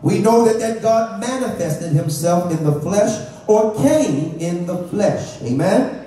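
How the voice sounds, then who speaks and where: A man's voice: high voice, expressive, slow, mellow. A man preaching a sermon as pastor, asking the congregation for amens. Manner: preaching with call-and-response questions. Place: church sanctuary. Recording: echoey church from far off.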